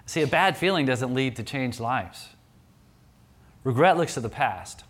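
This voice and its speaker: A man's voice: medium pitch, expressive, measured pace, fairly bright tone. A man preaching a sermon in a conversational, storytelling way, often restarting his sentences.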